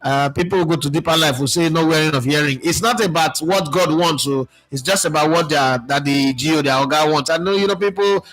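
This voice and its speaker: A Nigerian sports radio presenter speaking in a casual, animated monologue, mixing in pidgin phrases as he reflects. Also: on the high side, a little fast, hardly any pauses, faint music behind, poor audio.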